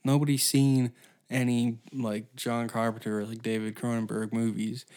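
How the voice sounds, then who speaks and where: A man's voice: mid-range voice, flat delivery, normal speed, darkish tone. Crude, rambling male podcast comedian. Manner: crude, profane, rambling riffs. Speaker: podcast host. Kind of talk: solo comedy podcast rant.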